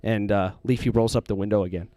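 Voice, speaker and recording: A podcast co-host with a lowish, warm voice talks fast in a steady tone, with no echo. He casually rambles through a story, laughing often and acting out the people in it.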